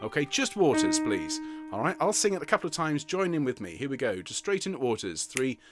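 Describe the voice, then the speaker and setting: A choir director with a rumbling low, very animated voice talks a little fast, leading an online rehearsal where she patiently counts in and sings short bits of the alto line as examples. She coaches with patience and encouragement against piano accompaniment.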